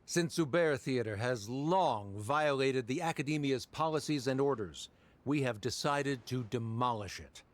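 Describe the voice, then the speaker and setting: A man's voice: mid-range voice, measured pace, natural voice. An actor playing a cold, condescending male official who speaks in a haughty, officious way.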